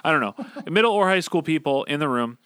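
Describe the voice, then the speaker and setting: A man's voice: a little high, animated, fast, a bit bright, clear, resonant tone, dry recording, studio quality. A man in his thirties, a podcast co-host telling a story in casual chat, with a chuckle and many fillers.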